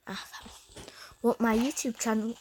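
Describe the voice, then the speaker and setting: A woman's voice: a little high, flat delivery, unhurried, mellow, slight background noise, rough recording. A woman giving casual, self-mocking commentary while playing a video game, laughing often. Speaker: gaming YouTuber.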